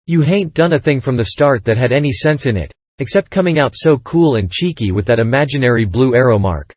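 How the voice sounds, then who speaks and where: A man's voice: medium pitch, lively intonation, a little fast, darkish tone, no echo, close to an everyday voice. A man reading aloud, voicing an angry, bossy male con-man duke who scolds sharply. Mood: scolding.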